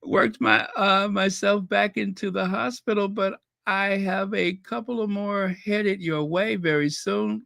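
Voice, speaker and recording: Guy streamer reading chat out loud, slow and chatty, keeps apologizing, nervous laughs, dry sound. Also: high voice, creaky, no echo. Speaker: channel host reading live chat. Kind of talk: casual livestream chat.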